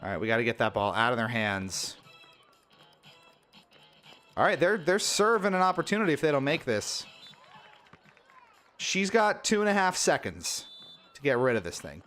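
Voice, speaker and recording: A man streams a sports video game, speaking at medium pitch and normal speed with long pauses as faint music plays behind him. His animated play-by-play turns exasperated, with frustrated outbursts when teammates miss easy shots.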